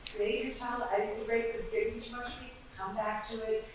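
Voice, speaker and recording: A woman on a community panel, giving calm, earnest advice to parents. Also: fairly high pitch, quick pace, noisy background. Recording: echoey hall from far off.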